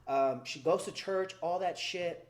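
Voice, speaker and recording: Blunt, profane young podcast host. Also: male voice, high voice, unhurried. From Mexican heritage, US. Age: 20s. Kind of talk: casual podcast chat.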